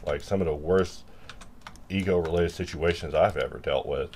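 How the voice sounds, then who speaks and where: Low-voiced guy rambling while he works, self-mocking, yells a fake-angry line now and then. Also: normal speed, slight background noise. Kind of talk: casual rambling chat while working.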